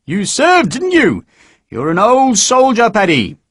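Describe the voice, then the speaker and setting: Man as a booming, high-pitched drill sergeant, bullying and loud, in a dry close sound. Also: huge pitch swings, unhurried, husky, no room sound, heavily acted. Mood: wheedling, menacing. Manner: booming, barking orders.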